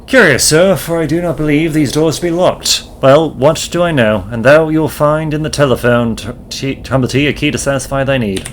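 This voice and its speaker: A man's voice: on the high side, moderate pace, hardly any pauses, a little hiss or hum, lightly acted. A man voicing a formal innkeeper who talks in old-fashioned thee-and-thou phrases in a video game. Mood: formal, stately. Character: archaic-speaking innkeeper, formal and stiff.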